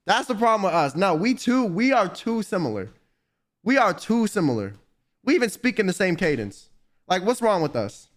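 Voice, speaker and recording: A man's voice: high voice, big pitch swings, moderate pace. A young man chatting on a livestream, reading aloud and riffing in slangy, teasing talk. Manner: reads aloud then riffs, slangy and teasing. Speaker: streamer. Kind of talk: casual livestream chat.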